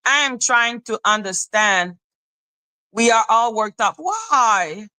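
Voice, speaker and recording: Bright-voiced woman ranting on a livestream. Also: fairly even intonation, a little slow, clean tone, no room sound. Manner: heated, profane, breaks into high sing-song greetings. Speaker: livestream host. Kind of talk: livestream rant chatting with viewers.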